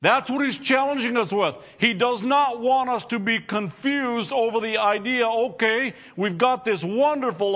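A man preaching a sermon to his congregation, reading scripture and explaining it with slow, deliberate emphasis. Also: very high-pitched, fairly bright tone. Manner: addresses congregation directly. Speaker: pastor.

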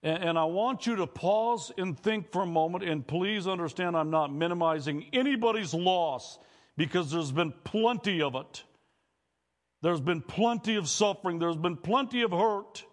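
A man's voice: high-pitched, measured pace. A male pastor preaching a sermon in church, addressing the congregation directly and questioning them. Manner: preaching with call-and-response to congregation.

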